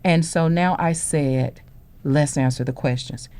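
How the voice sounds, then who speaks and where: Speaking in a deep voice at a measured pace, a Houston, Texas woman recounts a parenting experience to a panel. She tells it with lots of animation, performing the lines of each person in the story.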